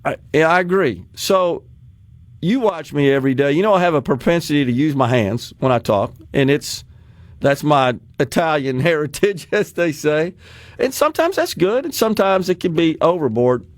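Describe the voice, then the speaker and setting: Chatty man with a higher voice. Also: moderate pace, no room sound. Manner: chatty, animated, laughs often. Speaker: radio talk show host. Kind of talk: casual radio talk. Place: radio studio.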